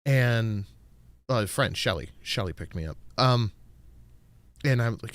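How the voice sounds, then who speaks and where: A man's voice: fairly low pitch, expressive, measured pace, fairly bright tone, no echo. A man hosting a live-stream podcast, telling stories in a loose, profane way with lots of fillers. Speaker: podcast host. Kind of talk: casual live-stream chat.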